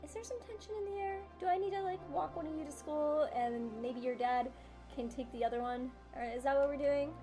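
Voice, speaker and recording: A woman voicing a flustered, loving mother who is bubbly and easily distracted, in a tabletop game, pitched up. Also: brisk, over music, lightly acted. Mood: coaxing.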